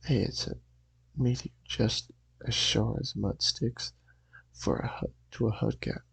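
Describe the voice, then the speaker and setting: A man playing a simple-minded, stubborn country fellow in an attempted Southern accent, raspy and folksy. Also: on the low side, steady tone, measured pace, fairly bright tone, no room sound, full character voice, low-quality recording. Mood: amazed.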